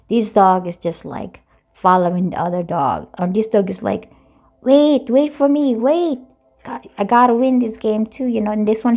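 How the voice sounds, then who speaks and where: A woman's voice: fairly low pitch, dark tone. A woman reading tarot cards in a chatty, loose way, often repeating and rephrasing herself. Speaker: tarot reader.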